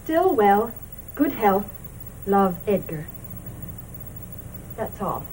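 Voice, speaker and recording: An actress playing a brisk, practical mother of the household in a 1970s period TV drama. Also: mid-range voice, very animated, darkish tone. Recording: distant voice over hissy old TV audio.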